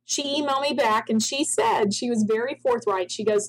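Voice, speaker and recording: A woman's voice: on the high side, moderate pace, slightly rough, poor audio. A middle-aged woman, a founder of a spa products company, telling a long story in an interview and acting out the dialogue she quotes.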